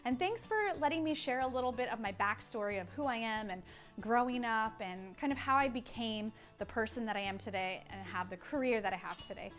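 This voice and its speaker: A woman's voice: a little high, brisk, soft background music. Gushing woman vlogger in a vintage shop. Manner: excitable and gushing, easily emotional. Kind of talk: casual chatty vlog. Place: small vintage shop indoors.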